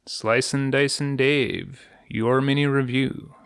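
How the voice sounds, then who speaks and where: A man's voice: medium pitch, fairly even intonation, takes it slowly, gravelly, a bit bright, smooth, dry recording, studio quality. A man co-hosting a casual podcast who talks in an easygoing way and throws in quips. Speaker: podcast co-host.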